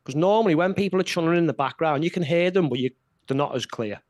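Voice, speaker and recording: A man's voice: on the high side, fast talker, darkish tone, no room sound. A man co-hosting a casual political chat, blunt and heated. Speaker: podcast co-host.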